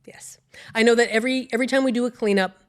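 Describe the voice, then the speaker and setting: A woman's voice: on the high side, fairly even intonation, racing. A middle-aged woman being interviewed in a TV studio, telling stories in a positive, upbeat way. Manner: upbeat, warm storyteller. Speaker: guest, river cleanup organizer.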